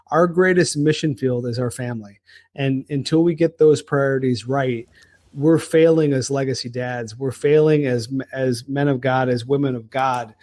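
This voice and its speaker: A middle-aged man co-hosting a faith podcast, telling an earnest, animated personal story in casual conversation. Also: mid-range voice, dry recording, clean studio sound. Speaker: podcast co-host.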